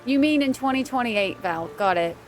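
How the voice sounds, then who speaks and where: Playing a game on stream, a woman chats casually with her audience, laughing easily and naming the people she thanks. Her fairly high voice is expressive at a normal speed, and faint game music sits in the background.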